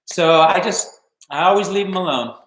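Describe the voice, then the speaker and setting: An older man hosting a home live stream, telling stories and answering viewer questions in a relaxed, rambling way full of fillers. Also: high-pitched, moderate pace, echoey room, low-quality recording. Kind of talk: casual storytelling and viewer Q&A.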